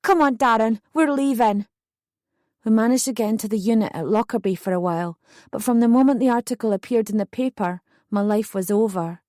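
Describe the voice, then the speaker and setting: A woman reading a first-person true story as an audiobook narrator, in steady, earnest scripted narration. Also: mid-range voice, fast, no room sound, studio quality.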